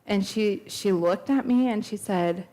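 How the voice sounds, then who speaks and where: A woman's voice: mid-range voice, measured pace, dark tone. A woman in her thirties telling a personal testimony at a church, earnest and storytelling, acting out the dialogue she quotes. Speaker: speaker at a church. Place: church sanctuary.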